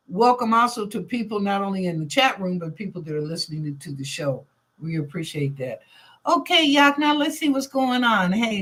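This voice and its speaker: A woman hosting a live psychic reading show, talking with her viewers in a chatty, lively way full of casual street slang. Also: on the low side. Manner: reads viewer questions aloud. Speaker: psychic reader and show host.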